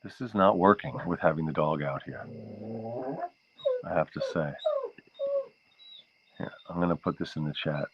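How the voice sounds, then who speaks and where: A man's voice: rumbling low, moderate pace, pauses often, slightly rough. A man hosting a livestream from home, chatting casually and rambling from one aside to the next, recorded on a laptop microphone. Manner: rambling and easily sidetracked. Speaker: livestream show host. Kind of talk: casual chat with viewers. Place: home, near an outdoor porch area. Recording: dull lo-fi sound.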